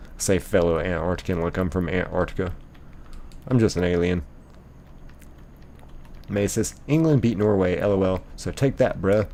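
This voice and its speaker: A man's voice: low voice, normal speed, long pauses, mellow. A young man streaming live, casually reading chat messages aloud and rambling with lots of ums and likes.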